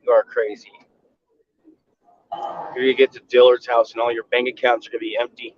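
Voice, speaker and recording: A man's voice: medium pitch, little pitch movement, brisk, a little hiss or hum. A man joking around and teasing his friend during a live stream chat. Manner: teasing, incredulous. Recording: dull lo-fi recording.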